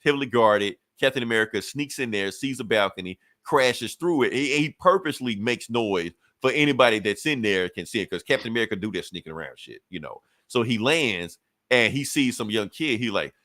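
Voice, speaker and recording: Podcast co-host, male, relaxed storyteller, voices quotes, dry close sound. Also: fairly low pitch, a little fast, no room sound. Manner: loose storytelling, acts out quotes, laughs often. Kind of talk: casual comic recap.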